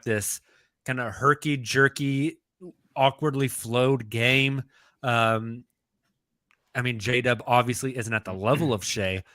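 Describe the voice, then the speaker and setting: A man co-hosting a sports podcast in casual chat, thinking out loud as he goes. His voice is bright and forward. The sound is close and dry. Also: medium pitch, no echo. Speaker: podcast co-host.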